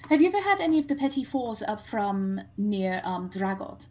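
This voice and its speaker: Polite, formal female adventurer, measured delivery, tabletop game, played by a woman. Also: mid-range voice, very animated, darkish tone, natural voice.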